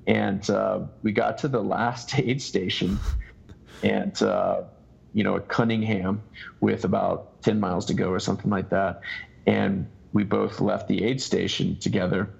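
A low-pitched man with a gravelly, husky voice tells a long story as a guest on a casual interview. He circles back and restarts his sentences constantly. The recording is dull and lo-fi. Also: level tone. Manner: halting storytelling with many restarts. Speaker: ultrarunner guest.

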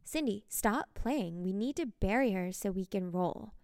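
Lady playing a freaked-out teen guy, cussing, gravelly edge. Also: medium pitch, animated, a little slow, darkish tone, dry recording, studio quality, in a large hall. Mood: angry. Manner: cursing, pleading. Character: scared, angry teenage boy.

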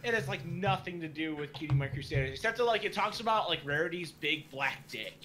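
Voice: medium pitch, lively intonation, a little fast, sharp tone, a little hiss or hum. A speaker running an online party card game, rambling animatedly and laughing with friends. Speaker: game organizer. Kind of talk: casual chat over a party card game.

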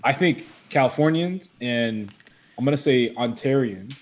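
A man's voice: mid-range voice, animated, unhurried. A man with a Toronto accent co-hosting a podcast, chatting casually with short interjections and laughs. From Canada. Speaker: podcast co-host. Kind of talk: casual chat.

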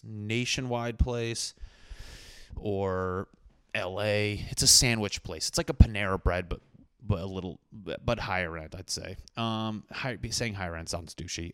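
Young male vlogger, smooth clear voice, profane rambling storyteller. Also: deep voice, dry recording, studio quality. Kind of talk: casual storytelling to camera.

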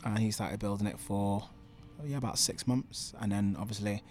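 Laid-back Mancunian man, low voice. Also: normal speed, faint music behind. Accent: Manchester English. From England. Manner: relaxed, lots of fillers and laughs. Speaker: guest entrepreneur. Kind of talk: casual interview chat.

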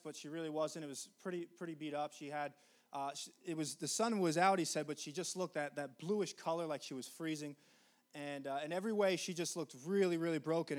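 A man preaching a sermon, telling a story in an earnest, conversational way with frequent restarts. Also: a little high. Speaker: pastor.

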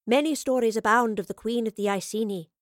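A woman reading aloud and voicing a calm, curious travelling professor who speaks in a measured, careful way. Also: fairly high pitch, no echo, clean studio sound, lightly acted.

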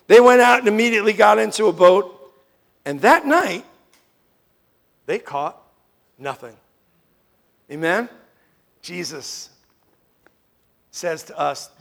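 A man from New York preaching a sermon as pastor, emphatic, swinging from loud declarations to hushed tones and asking the room "Amen?" often. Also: sits high, lively intonation, slow, creaky, long pauses.

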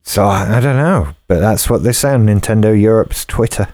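A man with a lowish voice runs through gaming news in a measured, slightly hesitant manner. His voice sounds dry and close to the mic. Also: animated, darkish tone, dry recording. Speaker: podcast co-host. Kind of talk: casual news chat.

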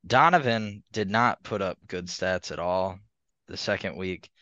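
A man's voice: deep voice, unhurried, pushed and bright, dry recording. A man co-hosting a podcast, rambling through a casual sports chat and laughing between points. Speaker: podcast co-host. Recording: slightly muffled lo-fi audio.

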